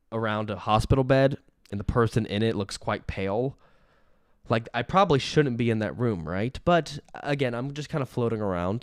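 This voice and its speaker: Smooth-voiced rambling comic man. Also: fairly low pitch, no room sound, studio quality. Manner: rambling, self-pitying, breaks into laughter. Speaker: comedian. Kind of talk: deadpan comic monologue.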